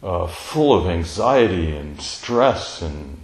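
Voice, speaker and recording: A man telling a personal family story in a slow, tender, reflective way, pausing often. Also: low voice, sing-song, roomy sound, rough recording. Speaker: speaker sharing a personal story.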